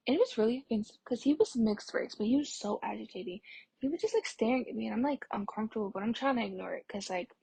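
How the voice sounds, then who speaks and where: A woman's voice: mid-range voice, a little mellow, no room sound. A young adult woman telling a rambling storytime on her vlog, full of "like" fillers, sometimes dropping to a whisper. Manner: rambling, filler-heavy, lots of "like"; drops into a breathy whisper at times. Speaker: vlogger. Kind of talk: casual storytime.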